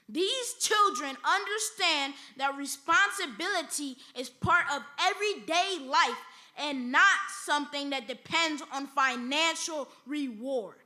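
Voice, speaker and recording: A female student debater reading a prepared speech in a measured, formal way in a church hall. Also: high voice, sharp tone.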